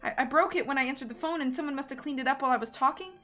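A woman reading aloud, voicing an emotional young fashion designer who turns shrill when upset. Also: very fast, pushed and bright, soft background music. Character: frantic young woman fashion designer, grieving, quick-tempered.

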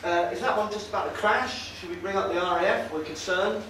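A man with a high, slightly bright voice talks fairly quickly, giving an easygoing, sardonic talk to an audience in a meeting hall and hesitating with fillers. He's picked up from far away in a roomy hall, with faint noise.

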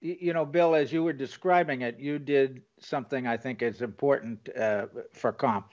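A man's voice: medium pitch, moderate pace, a little mellow, dull audio. A man hosting an interview, explaining and affirming his guest's points. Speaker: host. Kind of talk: casual interview chat.

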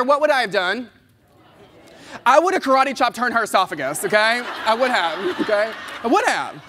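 A man, giving an animated, playful motivational keynote and talking straight to the audience. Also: very high-pitched, a little fast, slight background noise. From Kentucky, US. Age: 30s. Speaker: keynote speaker. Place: large conference hall. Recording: long hall reverb.

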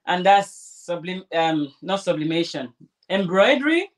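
A woman's voice: lowish voice, animated, unhurried. A woman vlogger chatting casually while sewing, rambling and restarting her sentences. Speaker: crafter vlogger.

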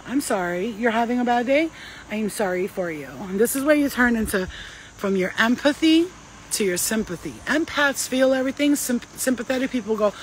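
A woman's voice: a little high, brisk, slight background noise, low-quality recording. A woman who works as a spiritual healer gives casual, emphatic advice full of slang and swearing. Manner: emphatic, profane, slangy and animated.

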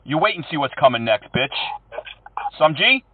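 A man prank-calling with a mocking, taunting tone and mock innocence. His voice sits a bit high and comes through a narrow, tinny phone line. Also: very animated, normal speed, husky. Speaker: prank caller.

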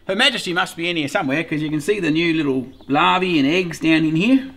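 A man's voice: on the high side, fast, vocal fry, hardly any pauses, fairly bright tone, a little hiss or hum. A middle-aged Australian man hosting a casual beekeeping vlog, rambling along, swearing freely and laughing often. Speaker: beekeeper host.

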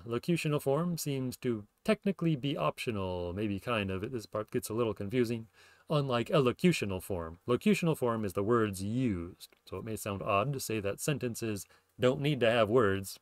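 A man's voice: mid-range voice, big pitch swings, moderate pace, no room sound, studio quality. A man hosting his own podcast, explaining ideas in a casual lecture, thinking aloud with fillers and self-corrections. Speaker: podcast host explaining linguistics.

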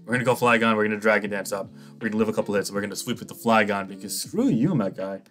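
A man's voice: on the low side, very fast, fairly bright tone, faint music behind. A young man giving casual, cocky commentary on his online game, teasing his opponent and laughing often. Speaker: gaming YouTuber.

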